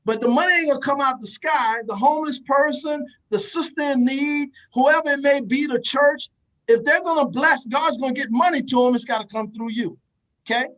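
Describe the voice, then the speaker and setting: A man's voice: extremely high pitch, normal speed, a bit bright, rough recording. Emphatic man giving a preachy motivational talk. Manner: emphatic, repetitive, addresses the audience directly. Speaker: motivational speaker.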